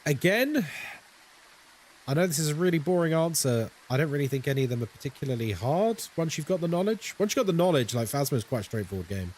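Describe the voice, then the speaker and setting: A man's voice: a little high, sing-song, quick pace, darkish tone, a little hiss or hum. A young man streaming a horror game, chatting casually and playfully with his viewers as he plays. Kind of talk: casual live-stream chat while gaming.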